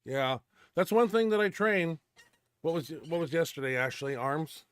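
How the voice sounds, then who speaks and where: A man's voice: a little high, expressive, moderate pace, clear, resonant tone, no room sound. A man hosting a powerlifting show, bantering casually with dry, teasing humor.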